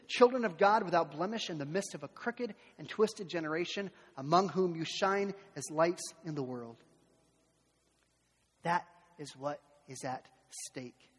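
A man preaching a sermon as pastor, animated, who acts out the voices of complainers. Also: high-pitched, breathy edge, in a large hall.

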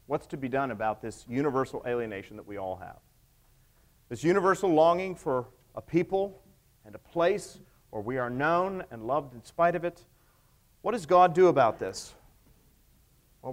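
A man preaching a sermon, retelling stories dramatically and swinging between hushed and raised delivery. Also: medium pitch, expressive, moderate pace, long pauses.

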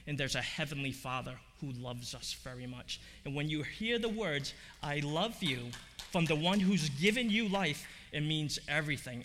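A man's voice: fairly high pitch, pushed and bright. A man preaching a sermon, telling a story in a conversational way with many fillers, then building to emphatic points. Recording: long hall reverb.

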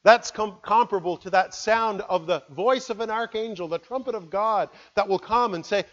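High-voiced preacher, earnest. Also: male voice, moderate pace, few pauses, lo-fi sound. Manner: earnest preaching, swings from loud appeals to hushed words. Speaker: pastor. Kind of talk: sermon.

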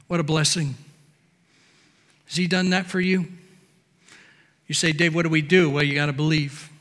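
A man preaching a sermon from a podium, emphatic, swinging between near-shouts and low, quiet lines. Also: fairly even intonation, moderate pace, long pauses, in a large hall. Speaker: pastor. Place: church sanctuary.

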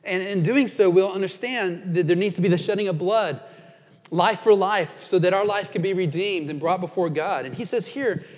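A man pastor preaching a sermon, earnest and dynamic, slowing down for emphatic quotations and dropping soft and low at times. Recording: dull sound with long reverb in a large hall.

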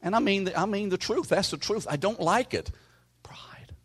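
A man preaching a sermon in a conversational way, calling out listeners by name and dropping to a hushed whisper for emphasis. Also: sits high, animated, brisk, husky. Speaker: pastor.

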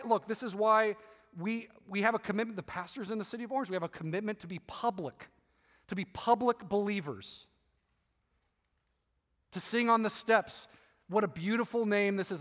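Impassioned high-voiced male pastor. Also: a bit bright, big-room sound. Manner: impassioned, emphatic preaching with repetitions. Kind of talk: sermon.

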